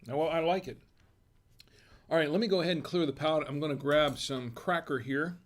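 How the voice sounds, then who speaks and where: A man hosting a home wine and cheese tasting, talking casually and thinking aloud with restarts and quiet asides. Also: fairly high pitch, brisk. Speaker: host of a wine tasting show.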